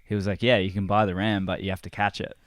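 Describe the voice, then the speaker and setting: A man talking as a podcast guest, recounting a sailing trip in a relaxed, laid-back way. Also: deep voice, quick pace, dry recording, clean studio sound. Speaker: guest, filmmaker. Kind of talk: casual podcast conversation.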